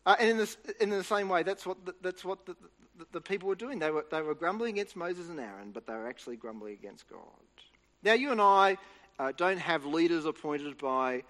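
A man's voice: on the high side, animated, a little fast, fairly bright tone. A man giving an earnest, explanatory Bible teaching talk, restarting phrases as he goes. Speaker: preacher. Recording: reverberant hall.

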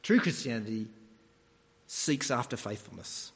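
Male preacher, animated sermon delivery, high and expressive, long reverb. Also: moderate pace. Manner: animated storytelling, mimics voices.

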